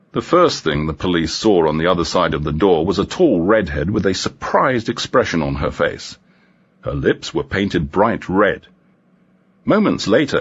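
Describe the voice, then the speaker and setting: A man narrating a crime story for an audiobook in a measured, expressive way. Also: low-pitched, slightly rough, highs cut off.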